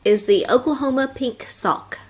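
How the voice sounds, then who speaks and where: A woman co-hosting a casual podcast, keeping the conversation on track. Her voice is fairly high and easy-going. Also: moderate pace, darkish tone, breathy edge. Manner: steers the topics, reads entries out. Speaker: podcast co-host. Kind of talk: casual comedic chat.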